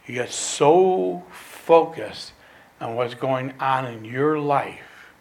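A man preaching a sermon, emphatic and repeating phrases, dropping from loud stresses to near whispers. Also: medium pitch, animated, extremely slow, vocal fry, a little hiss or hum.

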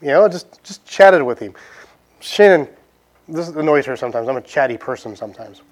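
A man's voice: a little high, expressive, normal speed. Chatty southern preacher man. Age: adult, past his teens. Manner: conversational, asks many rhetorical questions. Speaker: pastor. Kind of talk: sermon with closing prayer.

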